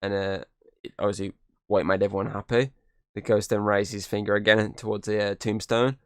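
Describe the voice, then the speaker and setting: A man's voice: lowish voice, little pitch movement, a little fast, smooth, dry recording, clean studio sound. A man hosting a podcast, casually recapping a film and slipping into quoted lines from the characters. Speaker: podcast host.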